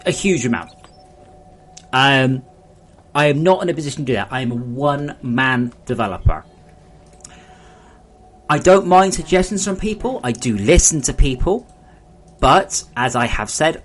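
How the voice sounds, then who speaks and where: A man's voice: mid-range voice, a bit bright, slight background noise. A man, a solo game developer chatting frankly and ramblingly with viewers on a live stream. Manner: rambling, frank, talks straight to chat.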